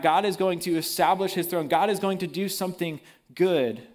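Male preacher, relaxed slangy sermon delivery, voice a touch high. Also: normal speed. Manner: casual, animated preaching with slang.

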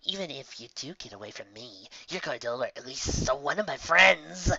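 A woman's voice: rumbling low, lively intonation, normal speed, creaky, highs cut off, a crowd in the background, heavily acted. A woman playing a sneering sadistic pony villain. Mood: taunting. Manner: taunting, snide.

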